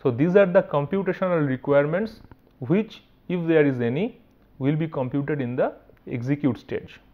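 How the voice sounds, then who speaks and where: Man, Indian English accent, lecturer, slightly high-pitched, explanatory, lo-fi lecture recording. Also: moderate pace. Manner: explanatory, with frequent "right" and restarts. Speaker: university lecturer.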